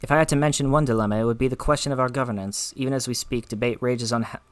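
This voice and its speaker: A man's voice: mid-range voice, fairly even intonation, racing, smooth, dry recording, close to an everyday voice. A man reading a formal, earnest woman guard captain from a video game in an attempted Scottish accent. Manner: formal, old-fashioned phrasing read aloud. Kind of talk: reading game dialogue aloud.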